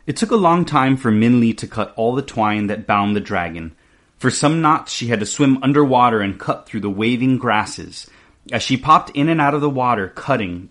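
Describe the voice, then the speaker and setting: Husky-voiced man reading a story aloud. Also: mid-range voice. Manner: expressive, animated reading. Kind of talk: children's book read-aloud.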